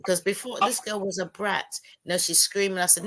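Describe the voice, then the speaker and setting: A woman's voice: mid-range voice, fairly quick, few pauses. A woman and single mother in casual panel talk on a video call, telling stories and acting out what people said. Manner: animated storyteller acting out quotes.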